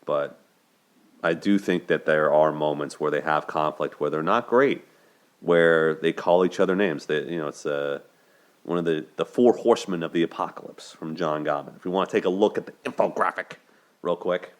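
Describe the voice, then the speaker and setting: A young man with a deep, low-pitched voice hosts a solo commentary video. He talks earnestly and conversationally, often restarting and repeating words as he gathers his thoughts. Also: normal speed. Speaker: host discussing relationships.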